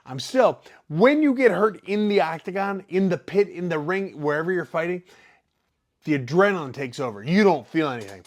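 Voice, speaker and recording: A man's voice: high voice, animated, moderate pace. A professional fighter telling a casual story, acting out quotes and sound effects as he goes.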